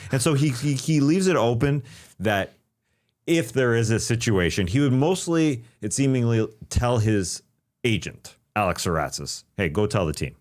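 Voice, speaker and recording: A man co-hosting a casual basketball talk show, relaxed and self-deprecating. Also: medium pitch, normal speed. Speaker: podcast co-host. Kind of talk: casual sports chat.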